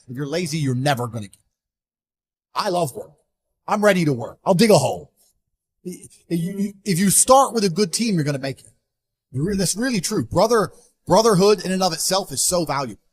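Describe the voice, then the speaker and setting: A man giving an interview, talking in a blunt, forceful, emphatic way. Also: on the high side. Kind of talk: motivational interview talk.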